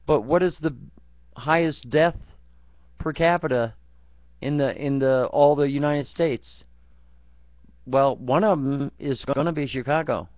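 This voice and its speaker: A man's voice: mid-range voice, unhurried, long pauses, no room sound. Crude, angry man ranting, lo-fi. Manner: angry, crude, swearing constantly. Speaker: vlogger. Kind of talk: profane political rant. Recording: dull lo-fi dry recording.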